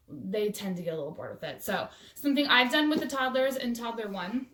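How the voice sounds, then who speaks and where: A woman's voice: on the high side, fairly bright tone. A woman teacher showing a movement game on video, cheerful and chanting rhythmic cues for toddlers. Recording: echoey room, voice from far off.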